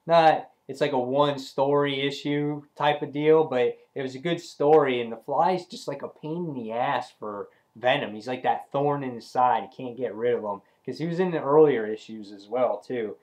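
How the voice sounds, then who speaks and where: A man in the middle of the usual pitch range walks through a comic issue in a loose, rambling way. He leans on fillers and restarts as he retells each scene in casual vlog style. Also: moderate pace, few pauses, darkish tone. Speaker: comic book reviewer.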